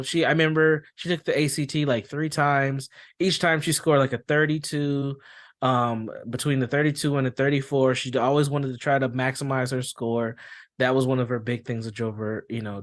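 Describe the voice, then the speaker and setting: A man hosting a podcast and working as a school therapist, talking conversationally, telling stories and acting out quoted reactions. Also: mid-range voice. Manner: conversational, repeats phrases, acts out quoted reactions. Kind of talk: explanatory podcast talk with anecdotes.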